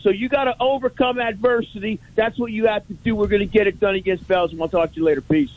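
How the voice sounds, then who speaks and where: A male caller on a thin, tinny phone line pushes his argument in a very high, strained voice. He stumbles over repeated words as he builds each point, all insistence and no pause. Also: fairly even intonation. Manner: emphatic, repeats words when starting a point. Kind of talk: sports talk radio call.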